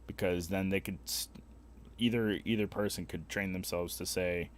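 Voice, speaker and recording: A man's voice: deep voice, steady tone, moderate pace. A young man streaming a game, chatting casually with viewers in a rambling, profane, opinionated way. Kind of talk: casual live-stream chat while gaming.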